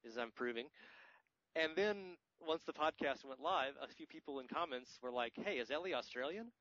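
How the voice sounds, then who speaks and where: Speaking at a normal pace, this American man hosts a podcast full of loose, jokey tangents. His mid-range voice sounds a touch bright, and the dry recording is slightly muffled without any echo.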